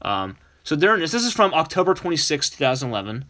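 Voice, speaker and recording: A man hosts a casual sports podcast with an easygoing, unpolished manner. His voice sits a bit high and bright, and he restarts sentences freely as he sets up clips. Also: big pitch swings, quick pace. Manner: easygoing, laughs along, loose restarts. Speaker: podcast host.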